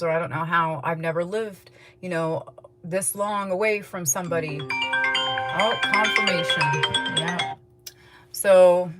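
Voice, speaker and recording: A woman gives a casual tarot reading straight to her viewers. Her voice sits a little low, and she rambles through her points. She yawns and apologizes now and then. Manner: chatty, rambling, yawning often. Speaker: tarot reader.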